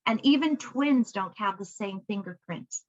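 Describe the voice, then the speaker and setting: A woman's voice: medium pitch, lively intonation, a little slow, muffled recording. A woman book coach telling stories and teaching, acting out bits of dialogue over a video call. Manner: storytelling, acts out dialogue. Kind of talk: conversational teaching.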